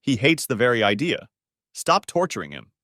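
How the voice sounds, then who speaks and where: A man reading a story aloud, voicing a calm, level-headed wife who asks thoughtful, probing questions. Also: medium pitch, normal speed, dry recording, studio quality. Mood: firm.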